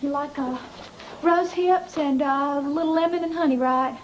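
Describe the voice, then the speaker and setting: An actress playing a folksy friend. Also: female voice, high-pitched, moderate pace, a little hiss or hum, close to an everyday voice, low-quality recording. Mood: soothing. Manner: folksy, soothing. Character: warm, folksy older woman friend.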